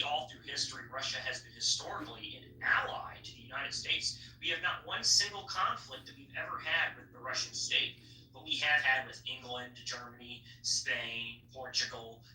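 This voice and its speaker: A man's voice: medium pitch, normal speed, bright, forceful tone. A young man hosting a casual political chat podcast, blunt and swearing freely. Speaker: podcast host. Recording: echoey room, voice from far off, faint noise.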